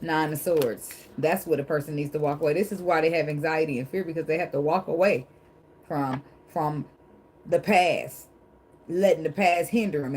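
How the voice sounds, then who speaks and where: Woman tarot reader, low-pitched voice, blunt and profane, dramatic and preachy, faint background noise. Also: a little mellow, low-quality recording. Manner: emphatic, blunt and profane, laughs often; calls herself dramatic. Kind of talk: casual tarot reading with preachy asides.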